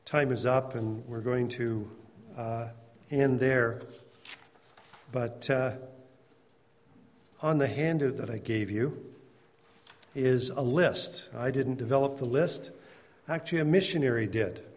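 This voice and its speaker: A man's voice: mid-range voice, slow, long pauses, big-room sound. A man teaching a Bible class in a conversational storytelling way, calling on class members by name.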